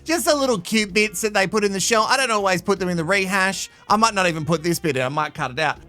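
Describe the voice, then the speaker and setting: A man hosting a casual comedic recap of a reality show, sarcastic and quick to get fired up, laughing often, tired and run down. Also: sits high, pushed and bright, faint music behind. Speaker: recap host.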